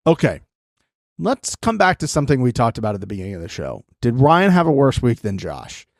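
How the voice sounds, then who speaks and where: Male comedian co-host, mid-pitched, mock-outraged banter, dry studio mic. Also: huge pitch swings, a little fast, no echo. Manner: sarcastic, jokey, mock-outraged. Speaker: podcast co-host. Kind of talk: casual comedic chat.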